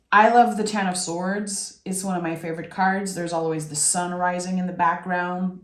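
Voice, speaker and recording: A woman from Québec talks through a tarot reading at an unhurried, drifting pace, her voice sitting a little low. She muses and encourages gently as she goes. The sound rings in a noticeably echoey room. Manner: reflective, meandering, gently encouraging. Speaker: tarot reader.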